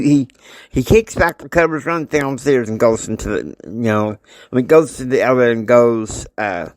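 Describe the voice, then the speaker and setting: A man casually retelling a family drama story in a rambling, halting way with many fillers. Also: medium pitch, no echo.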